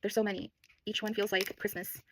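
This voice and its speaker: A woman's voice: mid-range voice, flat delivery, brisk, background noise. A woman talking casually while unboxing stationery, bubbly and gushing, often laughing. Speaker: stationery vlogger.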